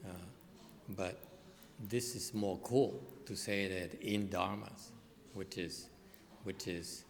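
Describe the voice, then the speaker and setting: Lower-pitched male teacher, halting lecture with frequent fillers, echoing lecture hall. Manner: halting, with many fillers and restarts. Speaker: Buddhist dharma teacher. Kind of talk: bilingual dharma lecture. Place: hot lecture hall without air conditioning. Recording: long hall reverb.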